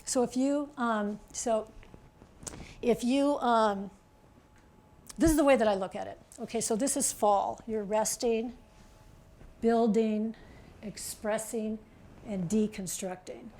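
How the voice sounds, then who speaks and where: A woman author giving a chatty, animated presentation to an audience, pointing things out on a chart and checking in with "okay?". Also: fairly high pitch, takes it slowly, long pauses. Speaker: author giving a public talk.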